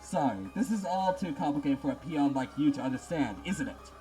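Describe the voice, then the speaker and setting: A man's voice: fairly high pitch, animated, brisk, over music, close to an everyday voice, low-quality recording. A man voicing an arrogant, brainy young female scientist who lectures and talks down to others, reading a game script aloud. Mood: condescending. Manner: condescending, lecturing.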